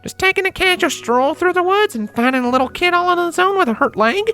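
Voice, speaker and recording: A man doing a spunky farm girl, very high. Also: expressive, fast, sharp tone, faint music behind, heavily acted. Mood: teasing. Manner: folksy, teasing drawl. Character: spunky southern farm girl, teasing and playful.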